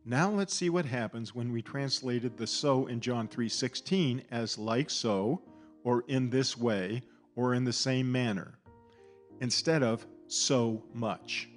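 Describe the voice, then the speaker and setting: A man giving a scripted, measured Bible teaching who slows to stress key words. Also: medium pitch, faint music behind.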